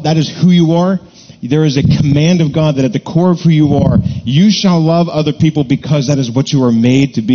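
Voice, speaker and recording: A man preaching a sermon, earnest and deliberate, repeating key words to stress them. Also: mid-range voice, in a large hall, dull audio. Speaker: pastor.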